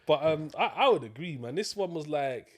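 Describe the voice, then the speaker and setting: A man's voice: a little high, lively intonation, a little fast. A man co-hosting a film review, tired and yawning, with loose slang and trailing restarts. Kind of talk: casual review chat.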